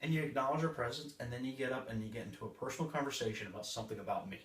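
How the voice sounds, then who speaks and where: A man with a medium-pitched voice talks at a rapid-fire clip, training a live audience on sales at a seminar. His delivery is punchy, broken up by short acted exchanges with customers. The room recording sounds roomy and distant.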